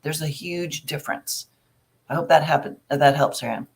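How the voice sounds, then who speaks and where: A woman's voice: deep voice, moderate pace, creaky. A middle-aged woman, a family recovery coach, answering viewer questions in a casual, chatty live Q&A and giving frank advice with everyday examples.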